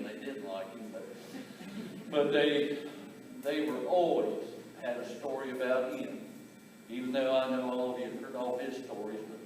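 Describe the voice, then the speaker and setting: A man gives a eulogy at a memorial in a large hall, recorded from far off on a camera. His voice is mid-pitched and his telling is halting, with restarts and soft chuckles. There is a long echo and faint room ambience behind him. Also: noisy background. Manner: halting, repeats words, chuckles through stories. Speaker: brother of the deceased giving a eulogy. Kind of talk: eulogy with family anecdotes. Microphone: distant camera.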